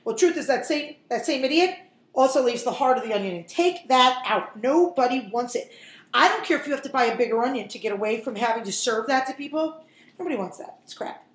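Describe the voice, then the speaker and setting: High-voiced lady doing a jokey cooking demo, kitchen sounds roomy. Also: expressive, brisk. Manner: chatty, jokey, talks straight to viewers. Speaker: cooking show host. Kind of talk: casual cooking demonstration.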